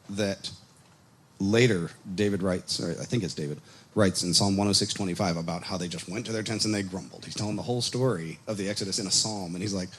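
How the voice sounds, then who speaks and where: A man leads a casual Bible study on a microphone, telling the story in an animated way. His voice sits low, with faint background hiss. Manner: animated storytelling, acts out quotes, chuckles. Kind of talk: casual teaching. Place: congregation meeting room. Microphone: microphone on a PA system.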